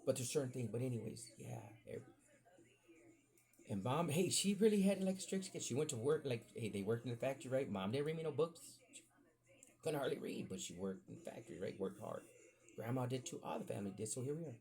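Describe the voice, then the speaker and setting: Man, gravelly voice, casual podcast storyteller, rambling and animated with salty asides. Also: mid-range voice, a little fast.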